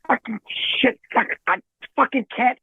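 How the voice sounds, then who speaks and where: A foul-mouthed, sputtering rock singer, put on by a man grumbles in a pitched-up voice that cracks into oaths. The sound is thin and tinny, like a phone line, with no room around it. He stays cranky and aggrieved throughout. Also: moderate pace, husky, no echo, heavily acted. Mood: frustrated. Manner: swearing constantly, sputtering.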